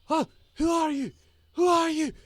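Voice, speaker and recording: A man's voice: steady tone, a little slow, a bit bright, no room sound. A man putting on a panicked wounded woodman. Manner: high frantic repeated questions, heavy accent.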